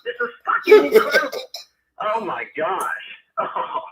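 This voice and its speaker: A man's voice: high-pitched, huge pitch swings, unhurried, pushed and bright. A man on a prank phone call, furious and cursing nonstop, breaking into stunned laughter. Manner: furious, swearing constantly, bursts of stunned laughter. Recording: phone call replayed with crowd noise.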